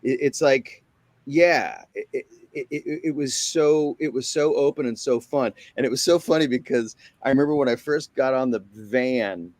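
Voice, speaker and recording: A man's voice: mid-range voice, normal speed, no echo. A man telling a rambling, profane story as a guest on a panel chat. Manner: rambling, profane, animated retelling.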